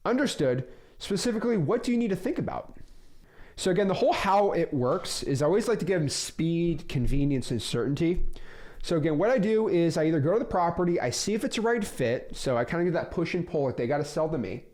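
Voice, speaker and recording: A man coaches real estate wholesaling in an energetic, hands-on way, often slipping into little role-plays of phone calls. His voice sits a bit high and swings widely in pitch as he talks. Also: quick pace. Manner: animated, acts out both sides of sales calls. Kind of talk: instructional talk with role-played calls.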